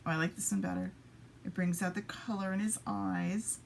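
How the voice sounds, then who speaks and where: A woman hosts a relaxed papercraft live stream from her home craft table, chatting with viewers in an easygoing way. She keeps up a running patter of quiet asides to herself as she works, in a mid-range voice. A faint hiss sits behind her. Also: medium pitch, normal speed, creaky. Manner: chatty, mutters asides to herself while working. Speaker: papercraft demonstrator.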